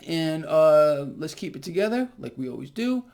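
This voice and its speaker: A man's voice: fairly high pitch, sing-song, moderate pace, gravelly, a little mellow. A man giving an emphatic market commentary straight to his viewers, repeating his words and often checking in with "okay?" and "people". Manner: calls his audience "people". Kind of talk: direct-to-camera market commentary.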